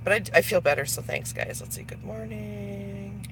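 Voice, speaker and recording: A woman vlogger livestreams from her workplace, talking bluntly and profanely to her viewers and answering their comments by name. Her voice is medium in pitch and moderately paced, with a noisy background behind her.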